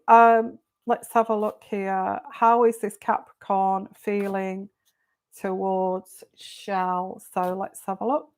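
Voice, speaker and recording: A woman is hosting a live tarot reading and talks in a slow, unhurried way. She chats easily, greets viewers by name and repeats their questions aloud as she draws the cards. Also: medium pitch. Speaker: tarot reader.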